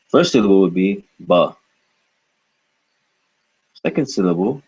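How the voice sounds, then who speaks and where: A man's voice: on the low side, a little mellow, breathy edge. A man teaching a reading lesson, patiently sounding out syllables and repeating them for the learner. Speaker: language teacher. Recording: dull lo-fi recording.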